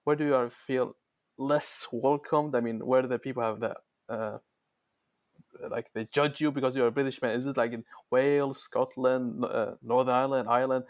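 A man's voice: mid-range voice, fairly even intonation, moderate pace, dry recording, clean studio sound. A man speaking as a podcast guest in a casual chat, hesitant and rephrasing his questions again and again.

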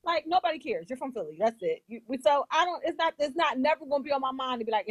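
A woman's voice: high-pitched, animated, quick pace, slightly rough, dry recording. A woman with a Philadelphia accent, a podcast guest talking in laid-back slangy banter.

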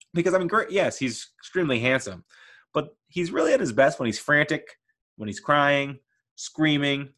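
Laughing, animated man ranting about a film. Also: mid-range voice. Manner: animated, laughs often, playful mock voices. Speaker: podcast host reviewing a film. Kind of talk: casual enthusiastic film rant.

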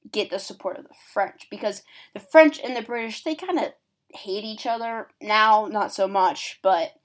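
A woman casually explaining history, chatty and acting out quotes with a lot of "like". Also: medium pitch. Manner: chatty, acts out quotes, uses "like". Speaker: history presenter.

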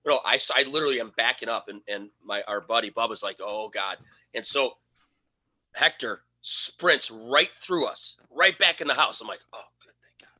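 A man co-hosting a podcast, telling a casual story and acting out the quoted lines with animation. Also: medium pitch. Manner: animated, acts out his own quoted lines. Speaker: podcast co-host.

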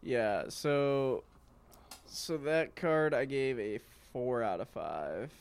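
A man's voice: mid-range voice, expressive, takes it slowly, clear, resonant tone. A man co-hosting a podcast in casual chat, often hesitant and trailing off. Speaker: podcast co-host. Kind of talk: casual card-review chat.

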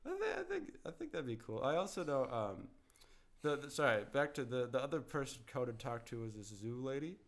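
A man hosting a laid-back podcast, wandering from thought to thought and restarting his sentences often. He chuckles his way through, speaking at an ordinary middle pitch into a close podcast mic. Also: big pitch swings, a little fast. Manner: rambling, chuckling, lots of restarts. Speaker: podcast host. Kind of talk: casual chat. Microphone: studio-style podcast mic, audio only.

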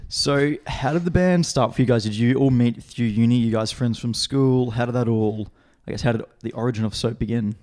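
A man's voice: medium pitch, a little fast, few pauses, a little mellow. A young man hosting a casual interview chat, upbeat and friendly. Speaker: podcast host.

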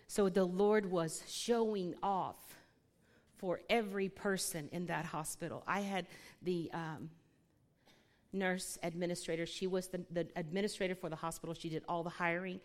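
A woman with a lowish voice tells her faith testimony in an animated, chatty way, laughing often and talking directly to the crowd. Her words ring out with a long reverb, as if she were speaking in a large hall. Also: unhurried. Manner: animated storyteller who laughs often and addresses listeners as y'all. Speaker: guest speaker sharing a testimony.

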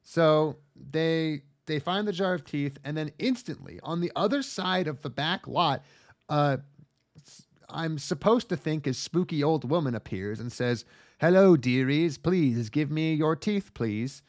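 A man's voice: on the high side, animated, measured pace, no room sound, clean studio sound. Sarcastic, profane man ranting. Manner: sarcastic, profane, acts out scenes in silly voices. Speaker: podcast co-host. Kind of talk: casual comedic anime recap.

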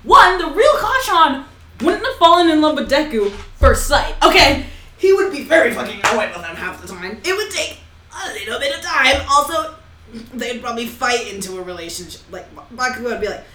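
Young woman co-host, lively swings in pitch, echoey room, casual ranting. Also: brisk, background noise. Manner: animated, swears freely, acts out quotes. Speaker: podcast co-host. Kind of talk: casual chat.

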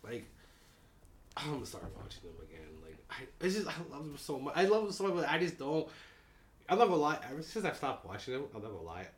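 A man's voice: a little high, very animated, fast talker, a little hiss or hum. A man co-hosting a podcast, ranting about basketball in casual, heavily profane talk. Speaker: podcast co-host. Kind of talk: casual sports chat.

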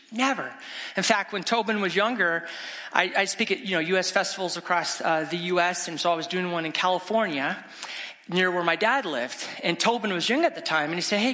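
A middle-aged man, a guest evangelist, preaching an animated, exclamatory storytelling sermon in a church sanctuary. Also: high voice. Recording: long church reverb.

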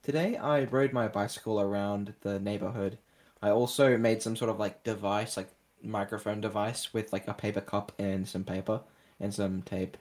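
A man's voice: fairly low pitch, fairly even intonation, moderate pace, darkish tone. A young Australian man hosting a casual podcast, rambling and joking with lots of fillers. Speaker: podcast host.

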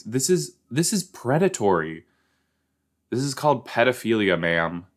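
At a normal speed, a man reacts to a TV episode on his casual show. He jokes excitably and jumps without warning into high squeals.

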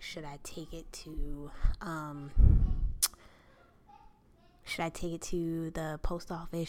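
A young adult woman hosting a solo podcast, speaking in a casual, animated rant, laughing often. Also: lowish voice. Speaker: podcast host.

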